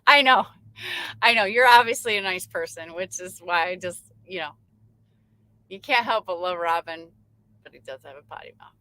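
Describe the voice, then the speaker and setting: A woman's voice: lowish voice, normal speed, pauses often, pushed and bright, dry recording, low-quality recording. A woman from Michigan hosting a late-night trucking livestream, chatting casually, reading viewer comments aloud and laughing often. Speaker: livestream host. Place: in her truck.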